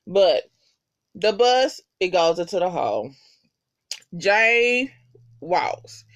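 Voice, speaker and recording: A reviewer giving a casual, profanity-heavy recap of a TV episode in slangy, animated talk. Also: mid-range voice, extremely slow.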